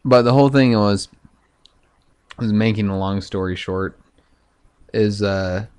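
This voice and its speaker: A man talking in a loose, profane, halting monologue full of fillers, vlogging to camera. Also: fairly low pitch, darkish tone, clean tone. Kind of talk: casual rambling monologue.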